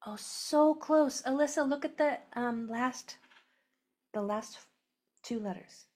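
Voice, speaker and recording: Female teacher, slow and deliberate, gravelly low edge, breaks words into sounds and whispers some of them. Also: expressive, a little mellow. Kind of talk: phonics lesson to a class.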